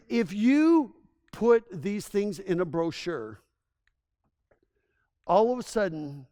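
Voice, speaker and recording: A man's voice: high voice, darkish tone. A man giving a public presentation to a town as a tourism consultant, telling stories in an enthusiastic, conversational way and often restarting his sentences.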